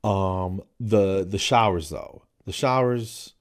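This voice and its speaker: A man tells comic stories on his own podcast, loose and rambling, with plenty of fillers and sudden bursts of energy. His voice sits a little low. He keeps the tone casual throughout. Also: slow. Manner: animated, rambling, jumps into playful voices for quoted people. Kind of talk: casual comedic storytelling.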